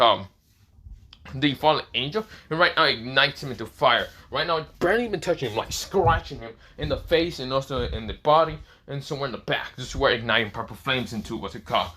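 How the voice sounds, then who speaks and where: A man's voice: medium pitch, animated, a little fast, bright, forceful tone, slight background noise. Man rambling through a fan story. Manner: rambling, many fillers and restarts. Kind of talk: improvised fan story narration.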